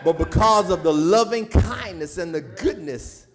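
A man with a Southern US accent preaching a sermon, moving from quiet storytelling to shouted, sung preaching. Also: high-pitched, expressive, measured pace. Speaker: pastor. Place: church sanctuary. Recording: live church stream with organ and congregation.

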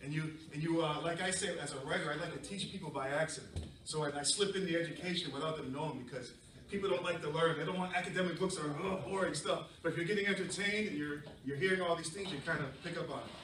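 A middle-aged man from southern New England, a storyteller telling a lively, playful story to children. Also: a little high, fast, a little hiss or hum. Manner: animated, playful, many fillers. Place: library event room. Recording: echoey room from far off.

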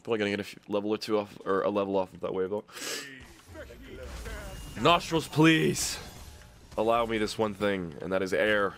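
A young man commentating his own gameplay, muttering one moment and yelling and cursing in frustration the next. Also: fairly low pitch, level tone, racing, few pauses. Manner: swings between mutters and yelled, cursing outbursts. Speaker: gaming YouTuber.

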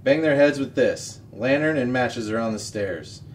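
A man's voice: mid-range voice, animated, normal speed, a little hiss or hum, natural voice. A man reading aloud, voicing a cruel grown man who threatens and barks orders. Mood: threatening.

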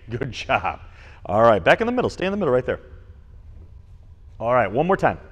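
Lively martial arts instructor man. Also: mid-range voice, normal speed, creaky, long pauses, long reverb tail. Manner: energetic, calls out commands to kids. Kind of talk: online kids' martial arts class.

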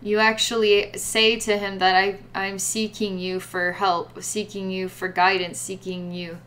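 A woman's voice: mid-range voice, level tone, a little slow, a bit bright, a little hiss or hum. A woman giving a guided psychic reading in a rambling way, full of fillers and repeated words. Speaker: psychic reader.

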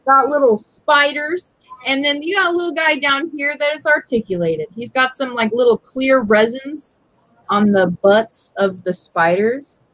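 A woman with a high voice hosts a live jewelry auction. She describes each piece in a slow, chatty way. Her voice sounds close and dry. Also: a bit bright, dry recording, rough recording. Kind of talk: casual live-stream selling.

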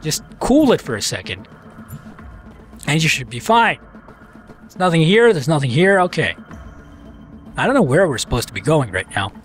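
Man, casual let's-play commentator, fairly high, lively pitch, self-mocking, faint music behind. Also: normal speed, pauses often. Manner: joking, self-mocking, talks to enemies on screen.

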